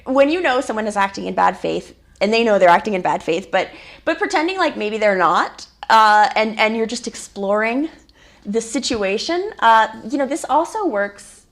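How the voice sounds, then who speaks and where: A woman from the United States, an author guest on a radio interview, telling anecdotes in a warm, easygoing way. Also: a little high, lively intonation, normal speed. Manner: warm, anecdotal, laughs easily.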